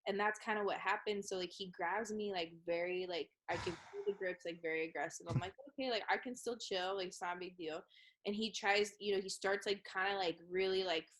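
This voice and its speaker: A woman's voice: mid-range voice, steady tone, fairly quick, fairly bright tone. A woman guest on a podcast, chatting casually and storytelling with many "like" fillers.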